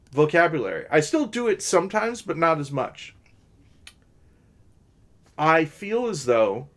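A man co-hosting a casual podcast, his voice set somewhat high on purpose. He talks in loose, rambling sentences full of restarts and small fillers. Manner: talks in many restarts and fillers, deliberately pitched-up voice. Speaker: podcast co-host. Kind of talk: casual chat.

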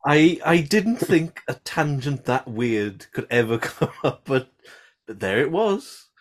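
A man's voice: medium pitch, lively intonation, slow pace. A man co-hosting a film podcast, easygoing and often laughing, with hesitant restarts in casual chat. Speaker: podcast co-host.

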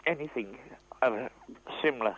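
Older man phoning in, choked up and halting, heard down a tinny phone line. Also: mid-range voice, a bit bright, a little hiss or hum. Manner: emotional, halting, throat-clearing. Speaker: caller. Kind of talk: phone-in call.

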